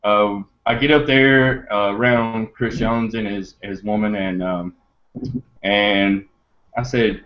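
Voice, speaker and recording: A man's voice: on the low side, steady tone, slow. A man hosting a podcast, telling a story in a rambling, chatty way with laughs and fillers. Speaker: podcast host. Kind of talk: casual storytelling to listeners. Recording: dull lo-fi recording.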